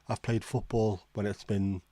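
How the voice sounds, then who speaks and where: A man's voice: fairly low pitch, level tone, measured pace, mellow, no echo. A man hosting a casual livestream, reading out viewer comments and reacting with blunt, swearing disbelief. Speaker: livestream host.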